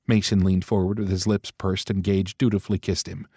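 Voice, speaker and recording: A man narrating an audiobook in a measured, even storytelling manner. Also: low-pitched, husky, no echo. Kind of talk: scripted narration. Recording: dry close studio mic.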